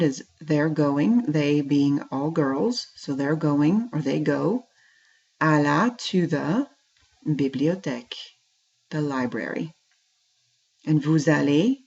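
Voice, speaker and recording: A woman's voice: low-pitched, darkish tone. A woman teaching a French lesson, speaking patiently, saying French phrases and then translating them. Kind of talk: classroom language lesson. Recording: dull lo-fi recording.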